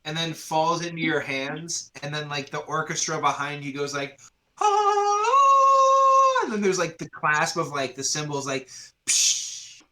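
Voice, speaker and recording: A man's voice: a little high, steady tone, moderate pace, few pauses, bright, forceful tone. A man narrating a tabletop game as its game master, in loose storytelling full of fillers. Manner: loose, filler-heavy storytelling with sung sound effects.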